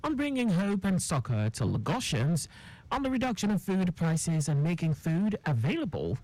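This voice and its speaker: A newsreader, reading a radio news bulletin in a formal, measured way. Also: mid-range voice, low-quality recording. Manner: formal, measured read with lively intonation.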